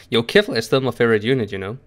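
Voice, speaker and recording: An excitable guy chatting through a co-op video game with a mid-range voice at an everyday pitch. he laughs a lot, cheers his partner on and gets loud when things go well. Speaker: co-op gaming partner. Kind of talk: live gameplay chat.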